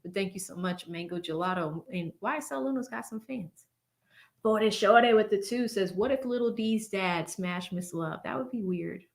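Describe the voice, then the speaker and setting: A woman speaks at medium pitch and moderate pace while chatting on a relaxed livestream. Sitting in a blue-backlit home studio, she reads viewers' superchats, thanks each by name, and laughs a lot.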